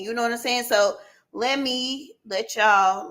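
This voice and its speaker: A woman hosting a live stream in a casual, chatty way. She keeps talking to her viewers as y'all and breaks into excited shouts and laughs. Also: on the high side, unhurried. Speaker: livestream host running a giveaway. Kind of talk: casual livestream chat with viewers. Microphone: computer mic on a live stream.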